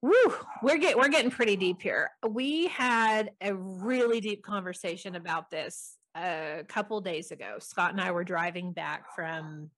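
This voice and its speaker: A woman's voice: lowish voice, unhurried, few pauses, fairly bright tone. A middle-aged woman hosting a casual chat, talking loosely with lots of "like" and easy laughs. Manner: chatty, uses like a lot, laughs easily.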